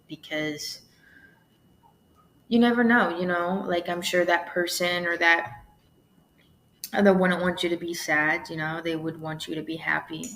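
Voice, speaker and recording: Bright-voiced young woman podcaster, swearing. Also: on the low side, a little hiss or hum. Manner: chatty, swears freely, lots of "like" and "you know". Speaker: podcast host. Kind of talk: casual solo podcast monologue.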